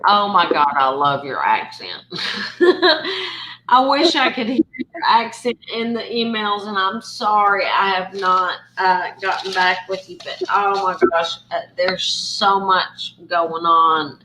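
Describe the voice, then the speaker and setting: A woman's voice: medium pitch, lively intonation, slow pace, a crowd in the background. A woman hosting a casual call, chatty, with lots of fillers and restarts. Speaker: host. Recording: echoey room, faint ambient noise.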